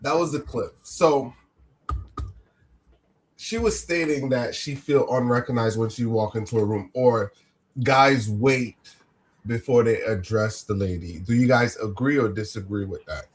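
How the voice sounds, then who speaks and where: A man's voice: mid-range voice, measured pace, poor audio. A man hosting a casual panel podcast, laid-back as he introduces the clips. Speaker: podcast host.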